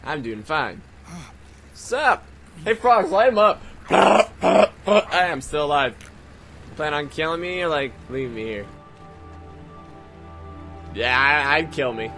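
A young man comments on a video game as he plays. He talks slowly in a sarcastic, joking way, in a slightly higher voice than most men. Loud game music plays behind him. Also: animated, creaky. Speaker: let's play host. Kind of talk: gameplay commentary.

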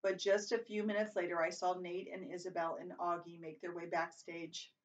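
A woman reads a first-person novel aloud in a plain, unhurried voice, now and then stumbling and correcting herself. She sits a little away from the microphone, so the voice sounds somewhat distant. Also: on the low side, level tone. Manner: plain reading with occasional stumbles and self-corrections. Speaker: reader.

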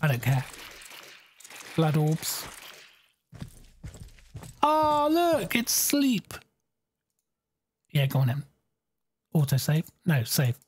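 Animated gamer thinking aloud. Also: medium pitch, drawn-out words, pauses often, slight background noise. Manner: bemused, exclaiming, thinks aloud. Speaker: game streamer. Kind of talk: live gameplay commentary.

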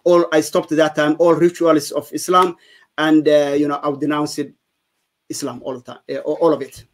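A man from Somalia telling his conversion testimony in an interview, speaking in halting English with many fillers and restarts. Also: a little high, little pitch movement. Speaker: guest giving testimony.

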